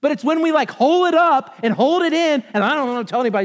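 A man preaching a casual, animated sermon to his church, acting out quotes as he goes. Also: extremely high pitch, fast, in a large hall. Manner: conversational, animated, acts out quotes. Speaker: pastor.

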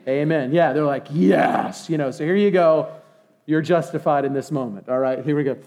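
A middle-aged man preaching a sermon, reading scripture aloud and calling for congregation responses. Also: quick pace. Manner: animated, rises high and loud when exhorting. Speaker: pastor. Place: church sanctuary. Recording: long reverb of a church hall.

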